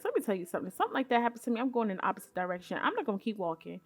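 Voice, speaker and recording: A woman's voice: very fast, hardly any pauses, soft background music. Sassy woman recapping a show. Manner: sassy, candid and exasperated, with colloquial phrasing; animated, with sudden pitch jumps when quoting. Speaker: YouTube commentator. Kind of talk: casual recap commentary.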